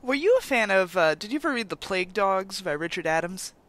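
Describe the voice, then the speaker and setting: Bright, high-voiced enthusiastic host. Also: male voice, big pitch swings, brisk. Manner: enthusiastic, laughs often, rambling. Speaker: podcast host. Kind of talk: casual interview chat.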